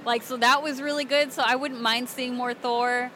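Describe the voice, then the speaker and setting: A young woman from Alabama, a cosplayer and voice actress, chatting excitedly and giggling through a convention interview. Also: sits high, moderate pace, a little hiss or hum. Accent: Southern American. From Alabama, USA. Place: convention floor.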